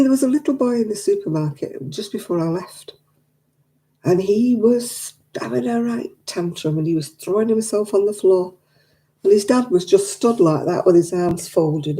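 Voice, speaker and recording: A woman's voice: medium pitch, mellow. An older woman, telling stories in casual chat and acting out the dialogue. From England. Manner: chatty, acts out quoted dialogue. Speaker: craft night participant.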